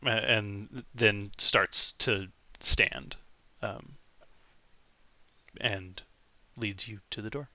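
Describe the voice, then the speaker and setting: A man narrating as game master of a tabletop game, slow and halting with many fillers. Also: fairly low pitch, sharp tone, dry recording, lo-fi sound.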